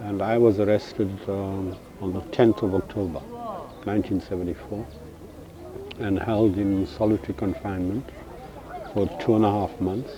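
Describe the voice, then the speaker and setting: A man giving a measured documentary interview testimony about his past imprisonment, recounting with pauses. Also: low voice, highs cut off. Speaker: former political prisoner interviewee.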